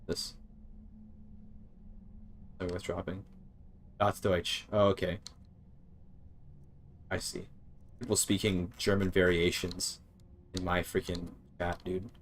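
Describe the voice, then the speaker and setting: Low-voiced man streaming a game casually. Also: little pitch movement, a little hiss or hum. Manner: thinks aloud, sounds out words haltingly, swears casually. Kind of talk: casual live-stream gameplay chatter.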